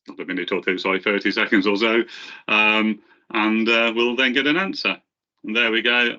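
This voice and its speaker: A man walks through a software demo on a webinar, voice bright and a little forceful. He hesitates often, restarting phrases and filling gaps with ums. The call audio sounds slightly dull and lo-fi. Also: on the low side, steady tone. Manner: halting, many fillers and restarts. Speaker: presenter from the software team. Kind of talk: webinar presentation.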